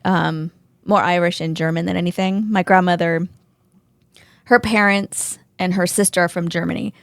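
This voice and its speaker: A woman's voice: on the low side, steady tone, normal speed, gravelly, no echo, studio quality. A woman co-hosting a podcast, talking in an easygoing, slightly hesitant casual chat. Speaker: podcast co-host.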